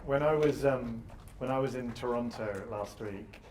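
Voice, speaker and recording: A man moderating a live panel discussion in a theater, talking fast and energetically with self-deprecating asides. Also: mid-range voice, darkish tone, distant mic, a little hiss or hum. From Britain. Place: theater stage.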